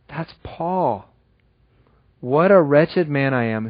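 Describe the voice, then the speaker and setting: A man preaching a sermon in an earnest, conversational way, dropping low and slow when he reads scripture. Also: lively intonation, no room sound, muffled recording. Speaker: pastor.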